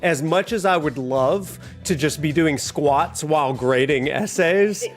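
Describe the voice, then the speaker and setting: A man with a fairly high-pitched voice speaks at a measured pace, hosting a casual livestream with soft lo-fi music in the background. He's chatty and upbeat and laughs often.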